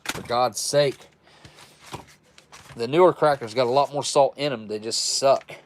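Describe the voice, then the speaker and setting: A man with a mid-range voice speaks unhurriedly as he hosts a casual livestream. He reviews old military rations and chats with viewers in a folksy way, calling himself a redneck.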